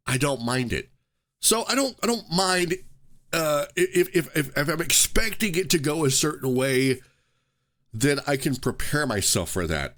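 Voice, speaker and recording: A man hosting a casual podcast, ranting in an animated way and restarting his sentences again and again. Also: medium pitch. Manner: animated, ranting, self-interrupting with repeated restarts. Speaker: podcast host.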